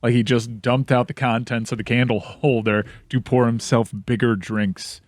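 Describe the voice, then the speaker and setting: A man's voice: mid-range voice, normal speed, dry recording. Man telling sports gossip on a podcast. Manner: storytelling, animated retelling of news. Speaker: podcast co-host. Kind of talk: casual sports-talk banter.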